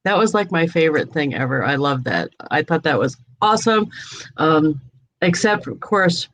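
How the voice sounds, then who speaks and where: A woman's voice: low-pitched, animated, moderate pace, poor audio. A woman from New England hosting a casual video chat, telling anecdotes and laughing often. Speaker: host.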